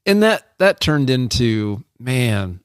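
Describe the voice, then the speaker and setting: A man's voice: mid-range voice, very animated, slow pace, clean tone, no echo, studio quality. A man co-hosting a podcast, telling a rambling, self-deprecating personal story with many restarts. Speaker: podcast co-host. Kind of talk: casual storytelling.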